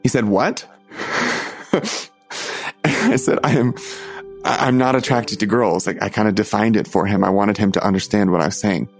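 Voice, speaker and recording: A young man earnestly telling a personal story, halting often and restarting his sentences. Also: lowish voice, vocal fry, soft background music. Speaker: storyteller recounting his coming out.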